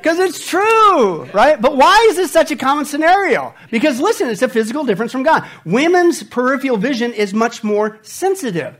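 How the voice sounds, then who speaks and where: A man's voice: very high voice, moderate pace, hardly any pauses. A man preaching a humorous sermon, acting out little scenes and voices. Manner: animated, acts out voices and scenes. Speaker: pastor.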